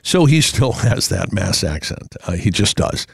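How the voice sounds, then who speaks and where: A man's voice: deep voice, very animated, unhurried, creaky, husky, no room sound, clean studio sound. A middle-aged man with a New England accent hosting a radio show, chatting in a rambling way with many fillers. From Massachusetts. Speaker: radio host. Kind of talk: casual talk radio.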